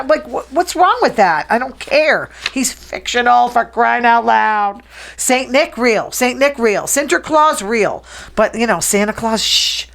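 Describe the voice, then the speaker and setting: A woman hosting a casual gossip show, talking fast, chatty and opinionated. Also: fairly high pitch, a bit bright. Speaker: host.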